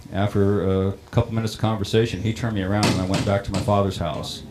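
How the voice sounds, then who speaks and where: Deep-voiced man telling his own story. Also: background noise. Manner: plain-spoken, halting, many ums and restarts. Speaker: water district operator on a panel. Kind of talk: personal storytelling.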